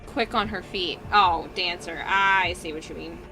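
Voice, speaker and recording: A woman's voice: on the low side, unhurried, bright, forceful tone. A young adult woman livestreaming in casual chat while she works on a cosplay, telling stories, laughing and swearing freely. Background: music playing.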